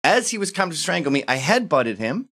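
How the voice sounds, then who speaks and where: A man on a podcast reading a listener's story aloud in a deadpan first-person voice. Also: on the high side, quick pace.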